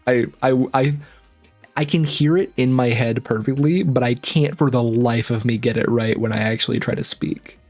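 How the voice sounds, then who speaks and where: A man's voice: mid-range voice, normal speed, a little mellow, faint music behind. Self-mocking man streaming a game. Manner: laughs at himself, reads game text aloud. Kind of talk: casual let's-play commentary.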